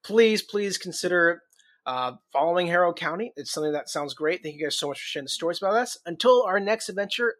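Bright, eager man hosting a podcast. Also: high-pitched, expressive, fast. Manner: eager, restarts sentences often. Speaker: podcast host. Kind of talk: casual podcast chat.

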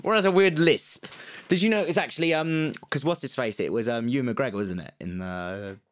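A man's voice: medium pitch, fairly quick. A young man co-hosting a podcast, talking in a loose, rambling way and swearing. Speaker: podcast co-host. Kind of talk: casual chat.

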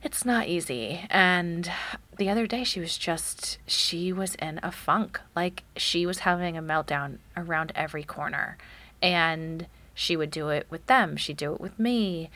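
A woman's voice: on the low side, measured pace, pushed and bright. A woman in her thirties in casual chat, telling stories about her toddler and acting out quotes. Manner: chatty, acts out quotes of her child. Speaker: podcast co-host, mother of a toddler.

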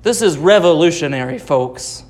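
A man's voice: a little high, lively intonation, moderate pace, darkish tone. A man preaching a Sunday sermon, explaining scripture patiently and repeating key phrases for emphasis. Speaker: pastor.

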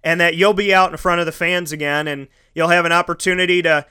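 A man's voice: fairly high pitch, little pitch movement, quick pace, sharp tone, smooth. A man hosting a casual interview, talking enthusiastically and rambling with restarts. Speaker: host.

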